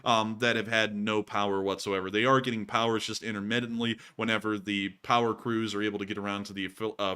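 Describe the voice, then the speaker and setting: A man from the United States hosting a casual war news livestream, reading supporter messages and ranting with easy laughter. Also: lowish voice. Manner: animated, rants and laughs easily. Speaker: war news show host.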